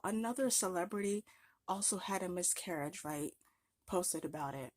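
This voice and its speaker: Husky young woman ranting sarcastically. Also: fairly low pitch, moderate pace, darkish tone, no echo, clean studio sound. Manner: exasperated, sarcastic, emphatic. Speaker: vlogger. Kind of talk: ranting commentary vlog.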